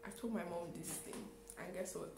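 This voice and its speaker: A woman's voice: on the low side, normal speed, gravelly. Girl telling a storytime, dramatic acting out what people said, roomy echo, faint hum behind. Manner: animated, exclaiming retelling with acted quotes. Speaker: vlogger. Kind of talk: storytime vlog.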